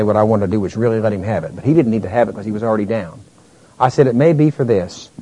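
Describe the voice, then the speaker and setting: A male pastor preaching a sermon, climbing to near-shouts and then falling to a low, slow delivery. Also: low-quality recording.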